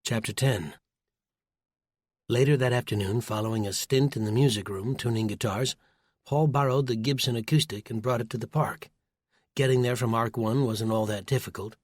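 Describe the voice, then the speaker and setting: A male narrator reads a survival novel in a steady, even storytelling voice. His pitch sits in the middle range, and the recording is close and completely dry. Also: normal speed, no echo. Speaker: audiobook narrator. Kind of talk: scripted narration.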